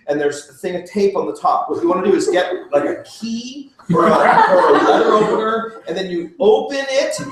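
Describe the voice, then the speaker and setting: A middle-aged man joking his way through a talk to a group, full of fillers and quick self-mocking asides. His voice sits fairly high and is caught from across a big echoing room, well away from the mic. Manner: chatty, self-mocking, laughs often, lots of fillers. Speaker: presenter at a business opportunity meeting. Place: meeting room. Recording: echoey room, voice far from the mic.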